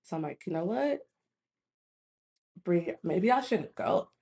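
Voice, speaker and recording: A woman in her thirties retells a frustrating day with lots of energy, slipping into other people's voices as she quotes them. Her pitch jumps high on those quotes and drops back to a plain, mid-range speaking voice. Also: animated, slow pace, vocal fry, mellow. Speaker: guest in a conversation. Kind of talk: casual storytelling.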